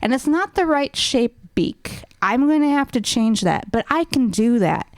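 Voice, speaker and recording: Smooth-voiced woman radio host. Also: a little high, measured pace, no room sound. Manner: animated, rambling with ums. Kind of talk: casual radio chat.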